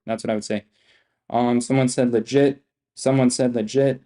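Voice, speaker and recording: A young man streams his trades live, giving commentary full of boastful, profane, repetitive swagger as he swears freely and repeats himself. His medium-pitched voice is mellow and steady at a moderate pace.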